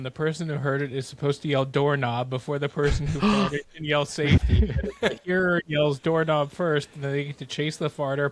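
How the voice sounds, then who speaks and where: A man co-hosting a podcast, reading listener comments aloud with dry humor. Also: fairly high pitch. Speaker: podcast co-host.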